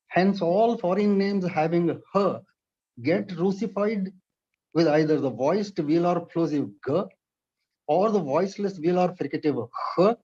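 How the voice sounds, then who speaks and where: A man from India lecturing on pronunciation in a measured, precise, explanatory way, heard on a dull lo-fi recording. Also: fairly high pitch, warm tone. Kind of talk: read-aloud lecture.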